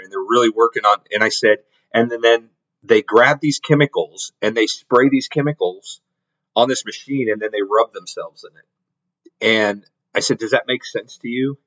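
Here the middle-aged host has a medium-pitched, fairly bright voice as he rambles through a story on his podcast, often restarting and repeating words. Audio quality is lo-fi and a little dull.

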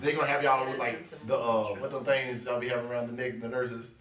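A man's voice: mid-range voice, flat delivery, fairly quick, a loud crowd. A man hosting a podcast interview, joking and laughing often in a casual chat. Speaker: podcast host. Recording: roomy, distant mic with faint noise.

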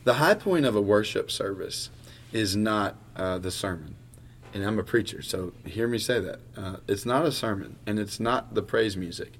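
Earnest low-voiced male pastor. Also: moderate pace, slight background noise. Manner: earnest, stumbles and repeats words while thinking aloud. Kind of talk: casual podcast conversation.

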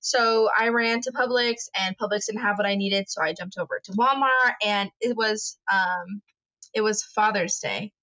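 A woman co-hosting a podcast, telling a story in a lively, profane, chatty way. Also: medium pitch, moderate pace. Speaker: podcast co-host. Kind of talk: casual chat. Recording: dull lo-fi recording.

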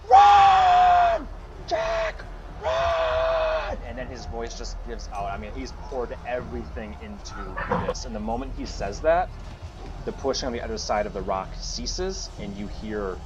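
A man's voice: on the low side, heavy background noise. A man narrating as game master of a tabletop game, casual and swearing freely. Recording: muffled audio with music.

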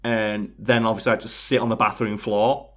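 A man's voice: fairly low pitch, level tone, moderate pace. A young British man swapping stories in a casual chat, swearing freely and laughing through his tales. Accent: British English.

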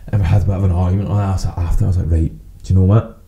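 Deep, dark-voiced Scottish man telling sweary stories. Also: fairly even intonation, racing, creaky, low-quality recording. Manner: sweary, rambling anecdotes with quoted back-and-forth. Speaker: podcast co-host. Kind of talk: casual storytelling chat.

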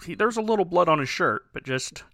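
A man's voice: high-pitched, lively intonation, fairly quick, vocal fry, fairly bright tone. A man casually recapping a bad movie with wry, laughing commentary as a podcast co-host.

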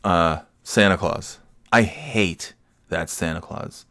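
A man's voice: sits low, slow pace, vocal fry, bright, forceful tone, dry recording, clean studio sound. Grumbling, swearing man in a casual rant. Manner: grumbling, swears, restarts sentences.

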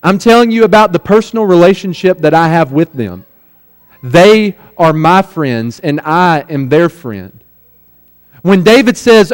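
A young man preaching a sermon in a church, emphatic, slowing right down to linger on the key words. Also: sits high, sing-song. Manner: emphatic, with slow drawn-out quoted phrases. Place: church sanctuary. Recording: long reverb of a church hall.

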